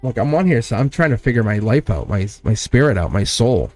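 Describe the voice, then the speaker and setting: A man hosting a members-only tarot livestream in casual chat, animated and laughing often as he talks to his viewers. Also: medium pitch, fairly quick, faint music behind. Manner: chatty and animated, laughs often, acts out quoted exchanges. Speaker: tarot reader and channel host.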